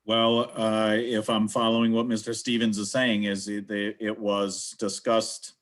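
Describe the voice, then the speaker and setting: Low, flat-voiced man chairing a meeting. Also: measured pace. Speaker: board chair. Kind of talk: public meeting discussion.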